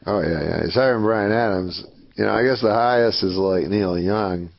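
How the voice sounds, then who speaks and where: A man from Canada, a talk show guest, telling a story in a deadpan, rambling way full of fillers. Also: fairly low pitch, moderate pace, vocal fry, no echo, lo-fi sound. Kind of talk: casual chat.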